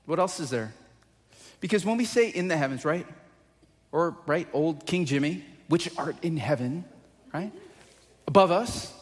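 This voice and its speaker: Guy pastor preaching, chatty, keeps asking the room questions, higher voice, slow, big hall echo. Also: expressive. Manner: conversational, asks the congregation questions often. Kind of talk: sermon.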